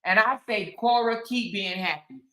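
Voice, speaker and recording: A woman's voice: medium pitch, moderate pace, fairly bright tone, echoey room. A woman, hosting a casual commentary stream, talking emphatically and answering her chat. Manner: sassy, emphatic, talks back to chat. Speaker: commentary show host.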